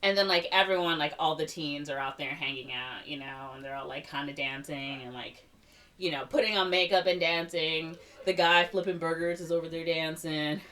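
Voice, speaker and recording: A woman's voice: deep voice, normal speed, recorded from a distance. A young woman on a podcast casually retelling a movie, rambling with lots of fillers and little put-on voices for the characters. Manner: rambling, filler-heavy recap with animated quoted voices. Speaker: podcast co-host retelling a film. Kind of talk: casual chat.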